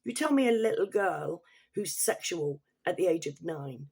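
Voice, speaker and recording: Vlogger, woman, Leicester accent, gravelly and husky, reads set points then rants and swears. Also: lowish voice, lively intonation, normal speed, darkish tone. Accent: Leicester English. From Leicester, England. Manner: reads prepared points, then breaks into heated, swearing asides. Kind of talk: political opinion rant.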